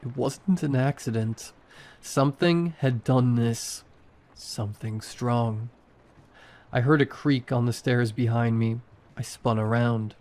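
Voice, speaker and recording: A man reading a horror story aloud in a slow, measured way. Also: mid-range voice, a little mellow. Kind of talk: scripted horror narration.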